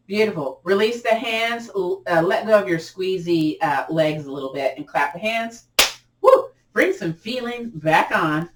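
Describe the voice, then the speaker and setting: A woman leading a gentle yoga class, giving upbeat, cheering cues with chatty asides, her voice a little cracked as she clears her throat. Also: on the low side. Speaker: yoga instructor. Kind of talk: guided yoga class instruction. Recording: echoey room, distant mic.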